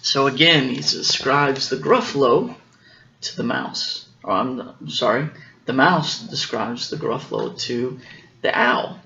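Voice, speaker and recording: Man, father reading a picture book, slow, gravelly, stops to explain, dull lo-fi home video. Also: medium pitch, animated, sharp tone. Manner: unhurried, pauses to explain the story and corrects himself. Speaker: father reading to his daughters.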